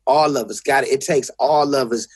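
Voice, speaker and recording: Husky LA guy cussing and restarting in a casual interview, dry close sound. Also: medium pitch, brisk, dry recording. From South Central Los Angeles. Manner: blunt, profane, restarts often. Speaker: guest.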